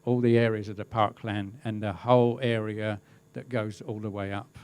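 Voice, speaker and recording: A middle-aged man, a crowd safety specialist, giving a webinar talk with relaxed, wry storytelling. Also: on the low side, moderate pace, clean tone. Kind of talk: webinar presentation, telling an anecdote.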